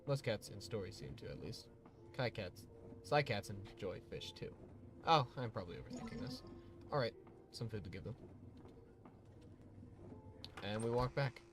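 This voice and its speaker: A man's voice: on the low side, animated, moderate pace, long pauses. A man chatting casually with viewers while livestreaming a game, rambling with lots of fillers. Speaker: gaming livestreamer.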